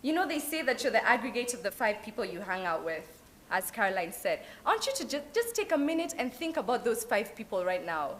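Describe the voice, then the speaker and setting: A young Kenyan woman giving a lively motivational talk at an open day, mixing in Swahili phrases. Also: fairly high pitch, fairly quick, slight background noise. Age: young adult. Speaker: alumna speaker. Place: event hall at an open day.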